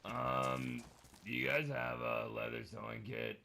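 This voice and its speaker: A man's voice: mid-range voice, level tone, unhurried, vocal fry, bright, forceful tone, a little hiss or hum. A man streaming a game, chatting casually with other players, joking, teasing and swearing freely.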